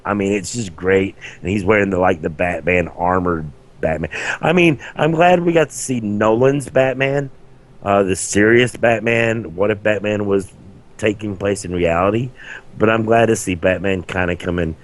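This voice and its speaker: A man's voice: lowish voice, normal speed. A young man co-hosting a podcast, chatting casually and restarting his sentences often. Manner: chatty, hesitant with many restarts. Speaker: podcast co-host. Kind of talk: casual chat.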